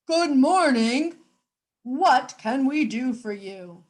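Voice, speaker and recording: Touchy proud frogs, picture-book chorus, woman putting it on, high lively voice, indignant drawl. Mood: polite. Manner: indignant, slow and exaggerated.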